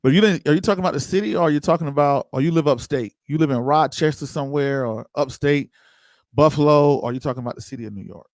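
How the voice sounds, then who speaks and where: Male livestream host, slightly high voice, casual and chatty, close dry mic. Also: fast talker, dry recording. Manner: loose, conversational, chats with viewers by name. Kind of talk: casual livestream commentary reading chat.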